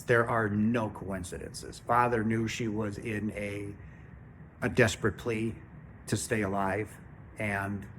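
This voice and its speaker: Man in his fifties, lowish voice, casual spiritual monologue, earnest, keeps checking in with listeners; faint noise behind. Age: 50s. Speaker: spiritual channel host.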